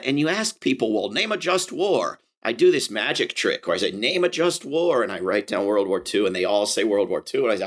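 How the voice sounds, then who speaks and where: Impassioned man with frequent restarts. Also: lowish voice. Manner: animated and impassioned, many fillers and restarts, acts out quoted voices. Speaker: interview guest, anti-war activist. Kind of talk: conversational interview.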